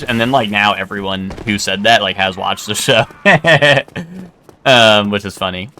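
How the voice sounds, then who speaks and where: Young male streamer with a bright, forward voice, loose rambling chat, lots of fillers and casual cursing. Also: medium pitch, moderate pace. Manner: rambling, many "like" fillers and restarts; swears casually. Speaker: game streamer.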